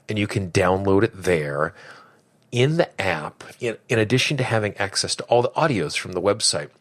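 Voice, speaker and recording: Low-voiced man with a cold. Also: a bit bright, dry recording. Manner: friendly, direct address to listeners. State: fighting a cold, voice deeper than usual. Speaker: podcast host. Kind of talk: solo podcast talk.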